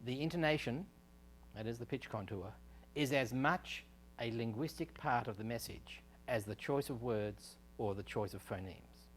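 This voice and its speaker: A man's voice: mid-range voice, normal speed, a little hiss or hum. Man giving a technical lecture. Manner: explanatory, thinking aloud with fillers and restarts. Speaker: research scientist giving a technical talk. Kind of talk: university lecture. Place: lecture room.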